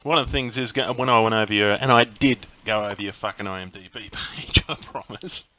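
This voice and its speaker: A man's voice: lowish voice, a little fast, sharp tone, no room sound. A man hosting a casual interview, laid-back and swearing freely. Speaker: interviewer, website host.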